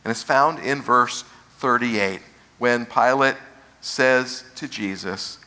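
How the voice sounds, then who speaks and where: A man preaching a sermon as pastor, asking rhetorical questions and slowing down to stress key phrases. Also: mid-range voice, pushed and bright.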